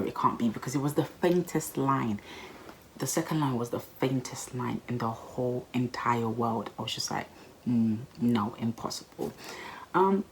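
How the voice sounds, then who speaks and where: A woman in her twenties telling a personal story in a chatty, expressive vlog style, full of slang. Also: very deep voice, slight background noise, poor audio. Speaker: vlogger.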